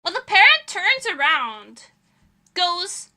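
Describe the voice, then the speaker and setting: A woman's voice: very high-pitched, very animated, takes it slowly, sharp tone. A young woman streamer chatting casually while doing her nails, telling stories with dramatic retellings and lots of laughter. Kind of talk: casual chat while doing nail art.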